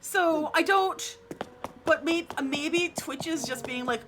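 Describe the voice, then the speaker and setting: Woman, high, bright, swears a lot, casual stream chat, faint music behind. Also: takes it slowly. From New Jersey. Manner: frustrated, swears freely, lots of restarts.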